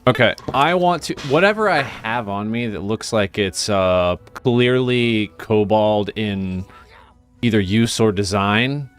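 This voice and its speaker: A man's voice: lowish voice, slow pace, smooth, faint music behind. A man playing a tabletop game who thinks aloud and often restarts his sentences. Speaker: player. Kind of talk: casual tabletop game talk.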